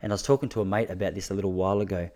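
A young Australian man talking casually to his listeners, self-mocking and quick to laugh, with lots of restarts. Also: sits low, steady tone, dark tone.

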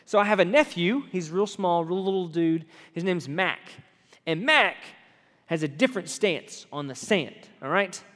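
A man preaching a conversational sermon to a group, lively and often checking in with his listeners. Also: high-pitched, normal speed. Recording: long hall reverb.

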